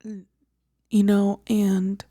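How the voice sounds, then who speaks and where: A young woman hosting a podcast, telling a personal story in a halting, emotional way with many fillers and restarts, often soft and breathy. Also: mid-range voice, little pitch movement, dry recording, studio quality. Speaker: podcast host.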